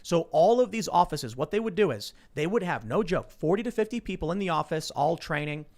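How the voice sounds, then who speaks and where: A man's voice: on the high side, animated, a little fast, darkish tone. A man hosting a podcast, telling stories in casual chat and acting out the people he quotes. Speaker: podcast host.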